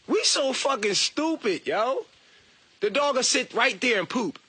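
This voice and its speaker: Bright, husky-voiced man ranting casually. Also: extremely high pitch, unhurried, no room sound. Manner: profane, animated, mocking, laughs at himself. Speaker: online talker. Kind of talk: casual rant.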